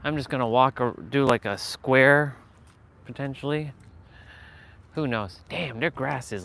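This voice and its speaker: A man talks his way through a walk around the neighborhood, rambling and swearing in an easy, offhand way. He sounds loose and unhurried, like he is thinking out loud. Faint traffic and street noise sit behind him outdoors. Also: medium pitch, vocal fry. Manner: laid-back, profane, rambling self-talk. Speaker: vlogger. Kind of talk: casual vlog while walking outdoors.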